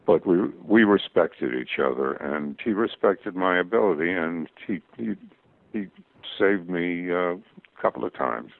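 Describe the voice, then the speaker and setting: An older man, a guest cartoonist, telling stories in an interview in a halting way full of restarts. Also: rumbling low, dry recording. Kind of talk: interview storytelling. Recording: tinny phone-like radio audio.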